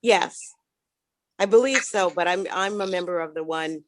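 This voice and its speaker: A woman's voice: lowish voice, normal speed, dry recording, clean studio sound. A woman donating an item, speaking hesitantly and apologetically. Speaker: donor.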